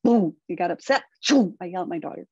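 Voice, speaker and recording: A middle-aged woman speaks as a parent coach in an earnest, animated way, often slipping into little acted bits of inner dialogue. Her voice sits at an ordinary middle pitch. The recording is close and dry with a slightly dull, muffled tone. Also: quick pace, husky, dry recording. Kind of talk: conversational interview.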